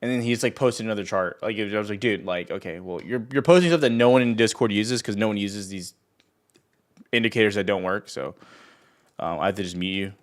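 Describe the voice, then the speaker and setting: A man's voice: on the low side, fairly quick. A young man hosting a trading livestream, talking casually and ranting at viewers in chat with sarcasm and profanity. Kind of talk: casual live stream chat.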